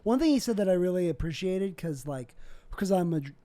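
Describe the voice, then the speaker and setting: A man co-hosting a casual podcast, chatting with joking deadpan asides. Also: high voice, a little fast. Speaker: podcast co-host. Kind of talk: casual chat.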